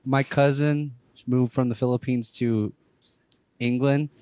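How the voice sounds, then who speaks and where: A man's voice: mid-range voice, steady tone, a little slow, warm tone. A man co-hosting a podcast, chatting casually and joking with rambling fillers. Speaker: podcast co-host. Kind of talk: casual chat.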